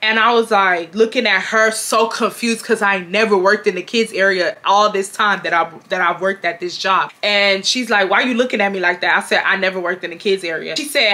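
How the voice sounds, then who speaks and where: A woman's voice: mid-range voice, a little fast, hardly any pauses. A young woman, animatedly retelling a work story with lots of swearing. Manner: animated, profane, exasperated retelling. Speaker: vlogger telling a storytime. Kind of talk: casual storytime chat.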